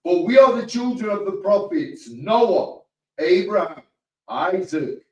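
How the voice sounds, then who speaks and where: Guy reciting verses real slow, far off the mic in an echoey room. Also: sits high, lively intonation, a little mellow. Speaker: scripture reader.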